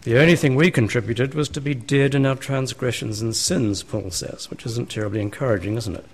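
A man's voice: medium pitch, brisk. A man, a pastor preaching a sermon in a church, talking conversationally and asking his listeners rhetorical questions.

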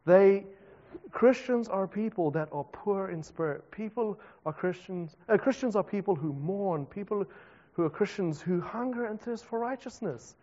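A South African man preaches in a relaxed, conversational way, breaking into self-deprecating asides. His voice sits high for a man. The recording is muffled, with a long echo from a big hall. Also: normal speed. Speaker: pastor. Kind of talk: sermon. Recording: dull reverberant hall recording.

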